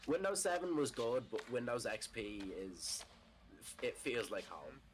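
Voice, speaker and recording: A man's voice: mid-range voice, sing-song, measured pace, noisy background. A man chatting bluntly on a stream call, swearing casually as he explains things. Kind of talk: casual group chat on a call.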